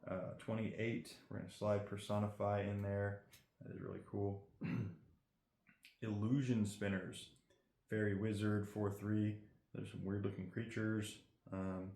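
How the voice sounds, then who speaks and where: A man's voice: on the low side, gravelly, darkish tone. Chatty man opening cards in an echoey room. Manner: chatty, rambling, reads card text aloud. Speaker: card collector host. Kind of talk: casual card-opening commentary. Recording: roomy echo.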